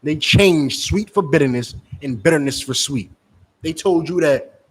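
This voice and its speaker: A street preacher, talking in a forceful, scolding rhythm. His voice sits slightly high, and he keeps circling back to the same lines. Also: unhurried, husky.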